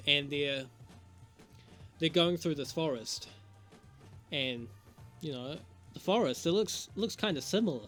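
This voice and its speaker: A young man talks through a show in a casual review vlog, cursing freely and rambling. His tone is sarcastic and he laughs at his own jokes. His voice sits a touch high, with faint music behind him. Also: fairly bright tone.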